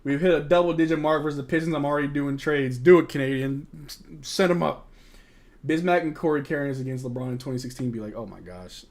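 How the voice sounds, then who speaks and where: A young man from the States hosts a live watch-along. His voice sits a little higher than most men's. He talks in loose, slangy banter, calling plays, answering chat and groaning as a fed-up fan. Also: fast. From United States. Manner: casual slangy banter, frustrated fan reactions.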